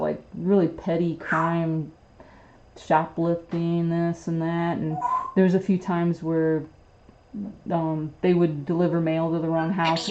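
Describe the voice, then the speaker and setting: Woman host, somewhat low voice, casual rambling livestream storytelling, dull lo-fi sound. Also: noisy background. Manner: rambling, with many fillers and restarts. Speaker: pet bird channel host.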